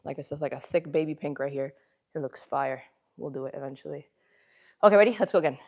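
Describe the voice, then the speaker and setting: A fitness livestreamer speaks fast in a low, darkish voice, chatting casually with her viewers between sets. She's winded, laughs a lot, and has a runny nose.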